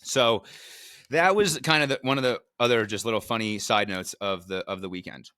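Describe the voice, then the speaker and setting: Bright-voiced man telling a rambling story. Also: fairly low pitch, normal speed, clear, resonant tone, no echo, studio quality. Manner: rambling, many fillers and restarts, swears. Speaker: vlogger recapping a race weekend. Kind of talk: casual storytelling.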